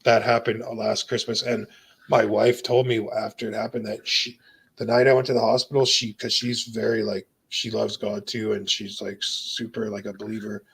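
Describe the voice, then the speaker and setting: A man's voice: fairly low pitch, flat delivery, moderate pace, gravelly, a bit bright, a little hiss or hum. A young man earnestly recounting a near-death experience in casual speech, peppering it with "dude" and "bro". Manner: intense, earnest storytelling. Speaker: guest telling his near-death story. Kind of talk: emotional personal testimony.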